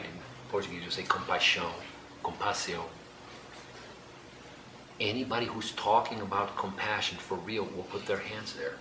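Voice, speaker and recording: A man leading a group exercise in a hall, giving slow, gentle instructions with light laughter. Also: fairly low pitch. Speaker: workshop leader. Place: hall with an audience. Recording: echoey room, background noise.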